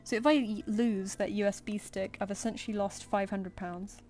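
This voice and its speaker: A woman's voice: medium pitch, fairly even intonation, moderate pace, darkish tone, faint music behind. A woman streaming while she draws, thinking aloud and answering her viewers in casual chat. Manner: chatty, thinks aloud, reads chat comments and answers them. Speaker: streamer drawing live.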